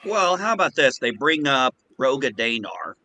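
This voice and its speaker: A man from the United States chatting with the group in an animated way. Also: medium pitch, moderate pace. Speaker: guest. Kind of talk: casual group chat.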